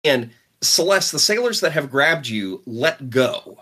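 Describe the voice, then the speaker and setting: Man, game master, tabletop game narration, bright husky voice, lively pitch, playful. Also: measured pace. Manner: playful, laughing, repeats words.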